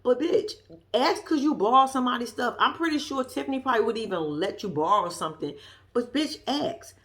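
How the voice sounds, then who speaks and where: A woman's voice: fairly high pitch, animated, a little fast, a bit bright. A woman giving a sassy, profane, casual commentary as she recaps a reality show episode. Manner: blunt, profane, sassy storytelling.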